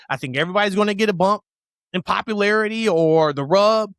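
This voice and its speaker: A man co-hosting a casual wrestling podcast, opinionated and emphatic, rushing through tangents. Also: sits high, a bit bright, no room sound, studio quality. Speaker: podcast co-host.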